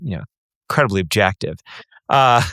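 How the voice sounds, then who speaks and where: A man's voice: fairly low pitch, animated, fairly quick, sharp tone, no echo, clean studio sound. A middle-aged man hosting a casual interview podcast, conversational and wry. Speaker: podcast host.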